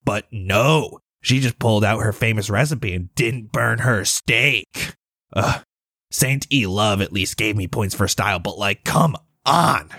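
A man's voice: fairly low pitch, measured pace, creaky, sharp tone, no room sound, studio quality, heavily acted. A man playing a jealous, scheming cook who talks himself through his rivals in a rambling inner monologue. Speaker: player. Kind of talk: in-character monologue for a tabletop game.

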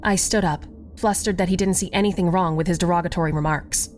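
A woman tells a first-person story in a fairly low voice, narrating expressively and acting out each character's lines. Faint music plays behind her. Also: steady tone, quick pace, darkish tone.

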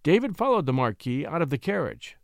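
Male audiobook narrator, animated and expressive, dry close recording. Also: a little high, brisk, vocal fry, no room sound. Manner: expressive reading. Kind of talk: scripted storybook narration.

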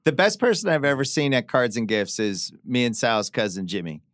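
A man's voice: mid-range voice, very animated, a little fast, fairly bright tone, no room sound. A middle-aged man swaps wry, chatty stories in a mid-range voice. He is recorded close and dry, with no room behind him. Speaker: podcast host. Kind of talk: casual chat.

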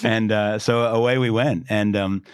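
A middle-aged man with an Australian accent, speaking in a very low voice. He is a pastor telling stories as a podcast guest, acting out the lines he quotes, and the sound is close and dry. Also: moderate pace, clear, resonant tone, no room sound. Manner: animated storyteller who acts out quoted lines. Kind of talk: storytelling in a podcast interview.

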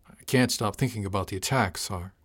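A subdued, withdrawn young crewman, as a male audiobook narrator voices him. His low voice stays quiet and hesitant, heavy with low spirits. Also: a little fast, no room sound. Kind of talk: audiobook character voice.

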